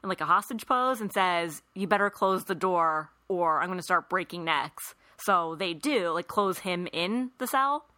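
A woman with a bright, forward voice retells a movie plot to friends, slipping quoted lines into the story and laughing often. The recording is close and dry, with no room sound. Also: on the low side, expressive, normal speed, few pauses, no echo. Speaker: podcast host recapping a film. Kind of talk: casual chat.

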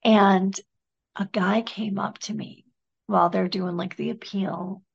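A woman guest speaker telling a story in an interview, often dropping to a soft whisper. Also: medium pitch, steady tone, measured pace, creaky, husky, lo-fi sound. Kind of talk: conversational interview.

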